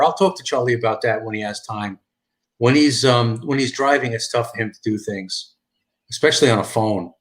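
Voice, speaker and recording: A man's voice: lowish voice, fairly bright tone. Rambling man with a thick New York accent. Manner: rambling, repeats and restarts, reads chat aloud. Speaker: live stream host. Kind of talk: casual live stream chat.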